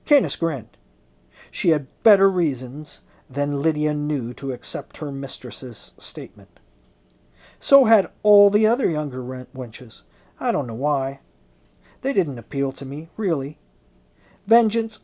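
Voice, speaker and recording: Slow, measured audiobook narrator. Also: mid-range voice, expressive, darkish tone. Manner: slow, measured literary reading. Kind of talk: first-person novel narration.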